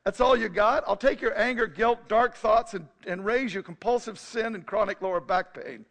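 A man voicing a loud, teasing man who calls out from the back of a room, with a booming, mocking delivery. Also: normal speed. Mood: boisterous teasing.

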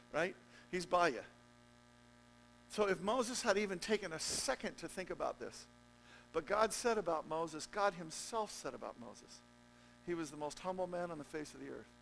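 Gravelly-voiced male preacher, animated. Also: a little hiss or hum, poor audio. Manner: animated preaching, swinging from loud emphatic peaks to low quiet stretches; jokey, conversational asides to the congregation. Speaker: pastor. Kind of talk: sermon.

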